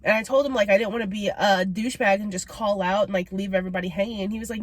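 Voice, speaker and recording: A woman's voice: medium pitch, fairly even intonation, rapid-fire, few pauses. A young woman vlogger telling a candid, emotional story at home, with many "like" fillers. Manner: confiding, emotional, lots of "like" fillers. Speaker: mukbang vlogger. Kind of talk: candid storytime while eating. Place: home, late night.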